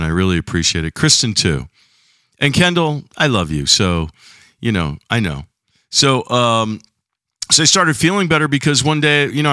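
A man's voice: mid-range voice, pushed and bright, smooth, dry recording, studio quality. A middle-aged man hosting a casual solo podcast, rambling and chatty with a slight lingering cough. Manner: rambling, chatty, self-deprecating. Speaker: podcast host.

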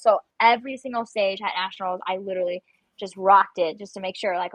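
A woman's voice: mid-range voice, brisk, dry recording, rough recording. A young adult woman, a guest on an interview show, telling stories in a chatty way and acting out her own panicked lines. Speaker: guest, competitive shooter. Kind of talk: casual interview chat.

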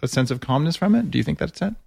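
A man's voice: a little high, lively intonation, racing, creaky, a little mellow, no room sound. A man hosting a podcast interview, talking in a chatty, enthusiastic way. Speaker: podcast host.

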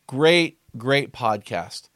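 A man's voice: mid-range voice, drawn-out words, background noise. A man hosting a podcast, telling stories in a casual chat and acting out the quotes. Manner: animated storyteller, acts out quotes. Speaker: podcast host.

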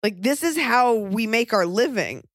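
A pregnant woman hosting a podcast, talking in casual chat with wry, deadpan jokey rants. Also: a little high, unhurried, no echo, studio quality. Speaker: podcast host and touring comedian.

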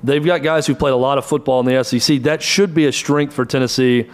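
A man's voice: medium pitch, fairly even intonation. Brief: male sports talk host, middle-aged, runs through stats in clipped bursts. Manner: brisk, rattles off stats in short bursts. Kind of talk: college football analysis.

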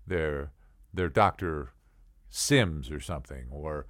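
A middle-aged man telling a personal story in a casual, chatty way, with asides to the listener and animated impressions of the people in it. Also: a bass voice, slow pace, dry recording, studio quality. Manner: animated, acts out the other people's voices. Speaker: podcast storyteller.

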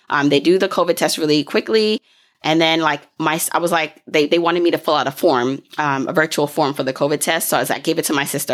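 Chatty low-voiced young woman. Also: a bit bright. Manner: chatty, fast-paced, fillers and self-corrections, laughs often. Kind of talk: casual storytelling.

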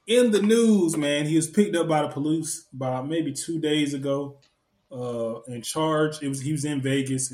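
Joking podcast co-host in an echoey room. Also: male voice, medium pitch. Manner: loud, joking, laughs often. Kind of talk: casual podcast banter.

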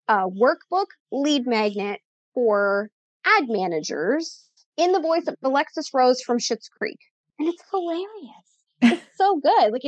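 A woman's voice: fairly high pitch, no echo. Chatty upbeat woman, slightly muffled. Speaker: podcast guest, content coach. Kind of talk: casual interview chat.

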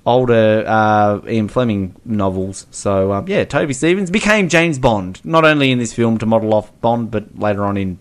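A man's voice: mid-range voice, expressive, normal speed, few pauses. Rambling man chatting about films. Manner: rambling, many ums, bursts into playful impressions. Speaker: podcast co-host. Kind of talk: casual film review chat.

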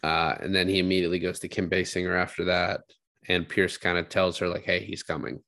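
Retelling film scenes on a casual podcast, a male co-host speaks low and a little fast, in a level, slightly bright tone with no echo. He rambles, swears freely, and acts out lines from the movie.

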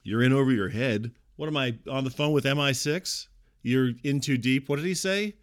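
A man's voice: medium pitch, normal speed. A middle-aged man doing a comic monologue, ranting in an exasperated, incredulous way. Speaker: comedian.

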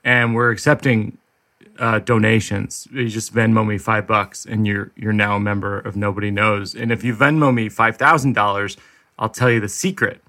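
A male podcast host in casual chat, spinning deadpan absurd bits. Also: on the low side, moderate pace.

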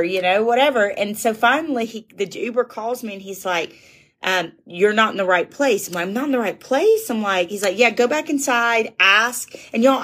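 A woman's voice: mid-range voice, a bit bright. A woman who works as a public speaker, telling a rambling personal story in a chatty way and calling her listeners y'all. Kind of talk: casual storytelling.

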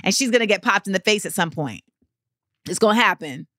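A woman, hosting a podcast in an animated, emphatic way and swearing freely. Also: medium pitch, brisk, a little hiss or hum. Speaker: podcast host. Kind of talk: casual chat.

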